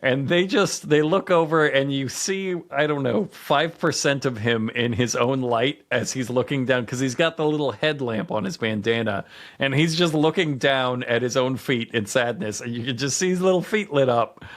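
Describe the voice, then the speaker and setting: A man co-hosting a comedy podcast, telling stories with laughter and animated quoted lines. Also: mid-range voice, moderate pace. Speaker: podcast co-host. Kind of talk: comedic casual chat.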